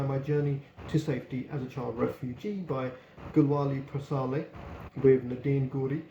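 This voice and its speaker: Guy doing a blunt sweary book review, gravelly voice, echoey room with a bit of hiss. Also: mid-range voice, darkish tone, dull audio. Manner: blunt and opinionated, swearing freely. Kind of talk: casual spoken book review. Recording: echoey room with faint background noise.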